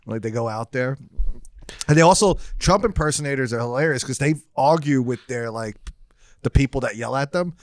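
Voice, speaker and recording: A man chatting on a podcast who delivers his jokes dryly and deadpan. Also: mid-range voice, fairly quick, no echo. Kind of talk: casual chat.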